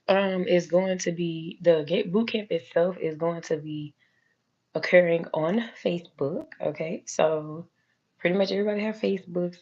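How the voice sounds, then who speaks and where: A hoarse woman who has lost her voice, hosting a casual live stream as a nail technician and chatting to viewers with lots of fillers. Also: fairly low pitch, a little mellow. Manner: chatty, addresses viewers as y'all, many fillers. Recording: dull lo-fi live-stream audio.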